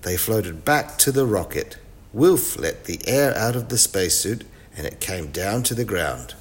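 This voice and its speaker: Man, children's story narration, expressive, lively intonation. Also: lowish voice, unhurried. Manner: clear, expressive read-aloud pacing.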